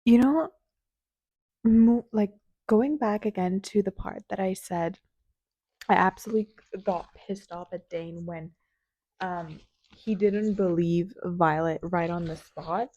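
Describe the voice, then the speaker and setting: A young woman talks through a book she is reading in a casual vlog, excitable and gushing in her reactions. Her voice is soft and mellow, and she speaks slowly. The recording is close and dry. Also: lowish voice, dry recording, dull audio. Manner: gushing, excitable, reads lines aloud. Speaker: book vlogger.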